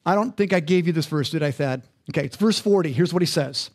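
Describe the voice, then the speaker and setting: A man's voice: on the high side, fast, hardly any pauses. A male pastor preaching a sermon in a conversational, interactive way, often asking the congregation questions.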